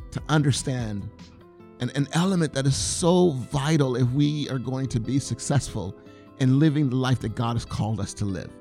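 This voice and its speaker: A pastor with a fairly high, gravelly, darkish voice preaches a sermon, repeating key phrases for emphasis. He dramatically acts out the people in a scripture story, giving the crowd and the blind men raised voices.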